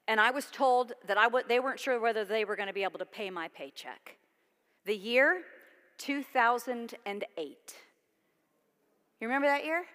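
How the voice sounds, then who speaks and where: A woman's voice: a little high, a bit bright. A woman pastor preaching a sermon in a conversational, emphatic way, asking her congregation questions. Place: church sanctuary. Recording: long church reverb.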